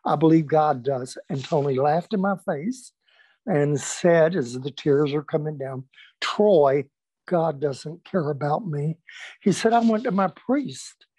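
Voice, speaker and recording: A man's voice: fairly high pitch, no echo. An older man, a pastor, telling stories from his past in a conversation, acting out the voices of the people he quotes, with many fillers and restarts. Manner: animated anecdotal storyteller, acts out quoted voices, with fillers and restarts. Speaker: pastor recounting his history. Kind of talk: storytelling in a recorded conversation.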